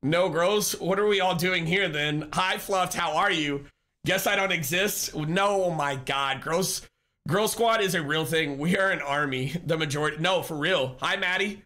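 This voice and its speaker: A man chatting casually on a live stream, upbeat and talkative as he answers his viewers by name. His voice sits slightly high for a man, with a crisp, bright edge. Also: normal speed.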